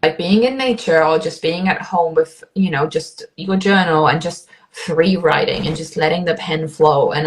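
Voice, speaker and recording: A young adult woman, a coach, talking casually in an interview, animated and blunt, swearing for emphasis. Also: deep voice, rough recording. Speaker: coach, podcast guest.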